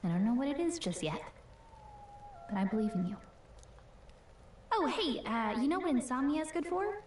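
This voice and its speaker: A cheerful young guide companion. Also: female voice, high-pitched, sing-song, normal speed, a little mellow, slight background noise. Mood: reassuring. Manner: friendly, teasing, reassuring. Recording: roomy distant game audio with faint ambience.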